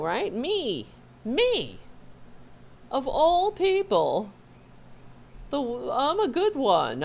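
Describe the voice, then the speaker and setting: A woman's voice: darkish tone, heavily acted. A woman mocking a whiny self-pitying woman. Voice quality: high mocking sing-song voice.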